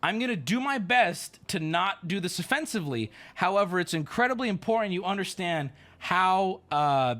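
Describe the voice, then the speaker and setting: A man who streams, telling a story in an animated, exclamatory way with swearing. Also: sits high, normal speed, few pauses. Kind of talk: casual storytelling.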